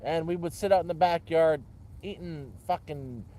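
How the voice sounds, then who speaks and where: Guy rambling at a campfire, mellow and a bit high, swears a lot. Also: moderate pace. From Canada. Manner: rambling, repeats himself with restarts and swearing. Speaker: vlogger. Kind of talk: casual rambling chat. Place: outdoors by a campfire.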